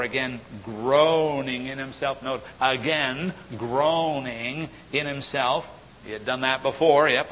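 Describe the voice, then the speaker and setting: Slow, bright-voiced preacher in an echoing hall. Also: male voice. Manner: emphatic, swinging from loud declarations to hushed asides. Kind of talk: sermon. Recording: long reverb with faint low rumble.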